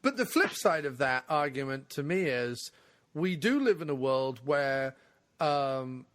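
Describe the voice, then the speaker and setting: A man co-hosting a casual podcast discussion, opinionated and animated, swearing freely as he argues his point. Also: medium pitch, a little slow. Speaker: podcast co-host.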